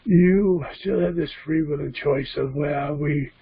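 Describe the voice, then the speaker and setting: A man's voice: fairly high pitch, breathy edge, dull audio, voice pushed up. A man channeling a solemn male spirit guide. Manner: measured, solemn, speaks as "we". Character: calm male spirit guide speaking through a medium. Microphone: computer mic.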